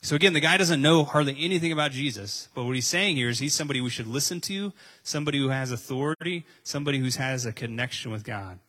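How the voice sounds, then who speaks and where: A man's voice: medium pitch, fast talker, hardly any pauses, fairly bright tone. A man preaching a conversational sermon, reading scripture and asking his listeners questions. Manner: conversational, asks listeners questions, repeats phrases for emphasis. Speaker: pastor.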